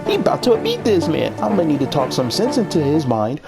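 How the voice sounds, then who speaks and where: A man voicing God as a calm, reassuring male figure in a storytime. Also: on the high side, a little fast, music in the background, pitched above the performer's own voice. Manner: soothing, laid-back.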